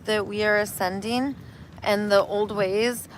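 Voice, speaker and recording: A woman, a spiritual healer, talking casually and telling animated stories, acting out voices as she goes. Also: medium pitch, measured pace, a little hiss or hum, low-quality recording. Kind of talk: casual street conversation.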